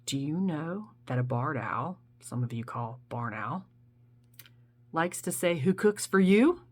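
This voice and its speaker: A woman's voice: very deep voice, animated, slow, husky. Playful woman hosting a comic nature bit. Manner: playful, mimics animal calls. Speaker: nature show host.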